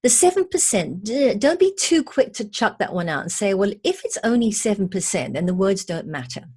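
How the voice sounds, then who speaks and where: A woman's voice: medium pitch, big pitch swings, normal speed, a little mellow, husky. A woman communication trainer giving a recorded lesson, emphatic and playful in a teacherly way.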